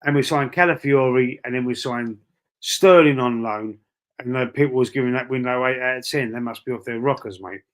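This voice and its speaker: A man's voice: mid-range voice, brisk. A man from East London with a Cockney accent, hosting a casual live stream, reading out chat and swearing freely as he talks. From East London, England. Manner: chatty, swears freely, calls viewers bro and mate. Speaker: livestream host reading chat.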